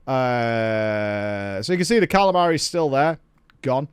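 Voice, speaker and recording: A man in his thirties chatting and ranting on a stream, swearing freely in an animated way. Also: medium pitch, a little slow, clean tone, dry recording, studio quality. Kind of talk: casual stream chat.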